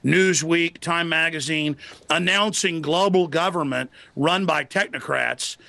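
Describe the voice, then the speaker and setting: A man's voice: on the high side, measured pace, gravelly, sharp tone, no room sound. A man arguing angrily as an interview guest, ranting in a declamatory way. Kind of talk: heated political argument.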